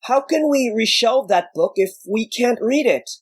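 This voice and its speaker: A man's voice: very high-pitched, animated, unhurried, husky, voice pushed up, full character voice. A man doing an eager young monk acolyte. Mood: earnest. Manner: raised, earnest questioning tone. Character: eager young male acolyte, anxious to belong.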